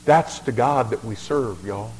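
A man's voice: medium pitch, a little slow, a little mellow, a little hiss or hum. A male pastor preaching a sermon in a folksy, emphatic way, often repeating words as he restarts. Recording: long reverb of a large hall.

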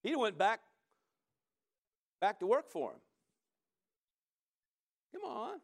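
A man preaching a sermon in a lively, conversational way, often asking the congregation "right?" and urging them on. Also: sits high, takes it slowly, gravelly. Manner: animated, conversational preaching with frequent "come on" and "right?". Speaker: pastor.

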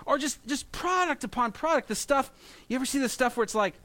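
A man in his thirties preaching a sermon, telling animated stories with jokes and mimicry. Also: very high voice, fairly quick. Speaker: pastor.

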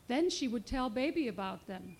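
A woman children's author reading her picture book aloud in a clear, expressive storybook manner. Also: a little high, moderate pace.

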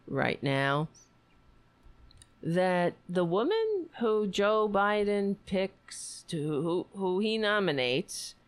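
Indignant sarcastic woman ranting, slow delivery. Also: medium pitch, sing-song, clean tone. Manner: sarcastic, indignant, swears freely, laughs mid-sentence. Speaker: political commentary host. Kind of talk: casual political rant.

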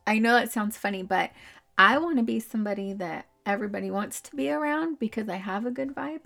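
A woman's voice: mid-range voice, vocal fry, fairly bright tone. A young adult woman hosting a casual solo podcast, chatty and upbeat, laughing often between her thoughts. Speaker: podcast host.

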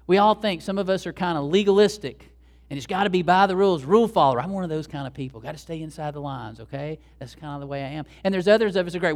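A man preaching a sermon as pastor, animated and acting out the dialogue he quotes. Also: high voice, quick pace.

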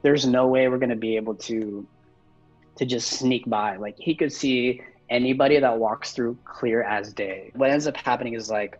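A man's voice: mid-range voice, brisk, dull audio, soft background music. A young man casually telling a personal story, rambling with lots of fillers and swearing.

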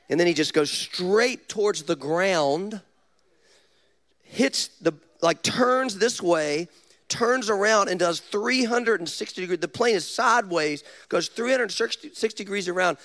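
A man, a pastor, preaching a sermon with animated storytelling and direct questions to the congregation. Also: fairly high pitch.

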